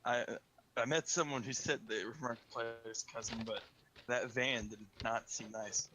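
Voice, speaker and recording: Male podcast host, bright tense voice, dark jokes, laughs a lot. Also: medium pitch, fairly even intonation, normal speed, slight background noise, rough recording. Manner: dark-humored, laughs often. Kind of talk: casual podcast chat.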